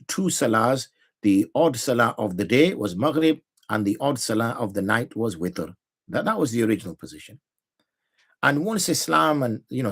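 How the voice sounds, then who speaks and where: A man's voice: fairly low pitch, breathy edge. A middle-aged man with a British accent teaching Islamic law in a conversational, explanatory way, mixing in Arabic terms, speaking from his study. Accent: British English. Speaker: Islamic scholar teaching jurisprudence. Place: home study with a library.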